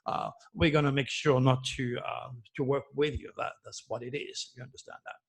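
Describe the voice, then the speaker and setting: A man's voice: medium pitch, steady tone, normal speed, creaky, breathy edge. A man delivering a solo commentary as an astrologer, reading news headlines and preaching with impassioned emphasis and repeated phrases. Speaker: astrologer giving predictions.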